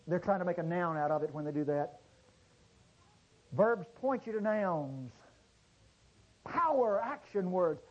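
A man preaching a sermon to a congregation, swinging from low murmurs to loud exclamations and drawing out key words. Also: breathy edge, lo-fi sound. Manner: drawn-out stressed words. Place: church service before a congregation.

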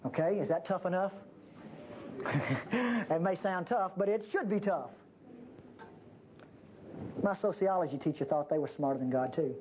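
Older woman preacher, lively sermon delivery, folksy and emphatic, dull lo-fi church recording. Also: moderate pace, long pauses, a little hiss or hum. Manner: emphatic, folksy and teasing, with lively pitch swings.

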